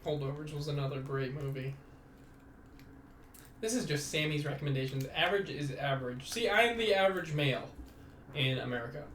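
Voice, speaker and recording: Young man, podcast host, rambling, self-deprecating, cursing, slightly high voice, faint background noise. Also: a little fast, long pauses, a bit bright. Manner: rambling, self-mocking, swears freely. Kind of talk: casual solo podcast monologue.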